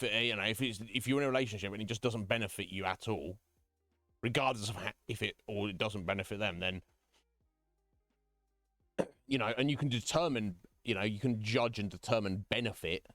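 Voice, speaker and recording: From a room at home, a man live-streams and chats casually with viewers, frank and rambling, often breaking into chuckles. His voice sits on the low side and is a bit bright, recorded in studio quality with no echo.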